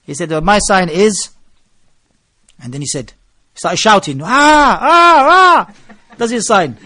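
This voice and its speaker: A man's voice: high voice, normal speed, breathy edge, dry recording. A male preacher, lecturing a gathering and telling stories, with phrases mixed into his English. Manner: mixes Arabic phrases into English, animated storytelling. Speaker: Islamic preacher.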